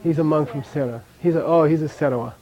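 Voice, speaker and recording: A man's voice: a little high, quick pace, dark tone, highs cut off. Man teaching sounds to a class. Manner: patient, repeats sounds for students to echo. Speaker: language teacher. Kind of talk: classroom lesson with drills.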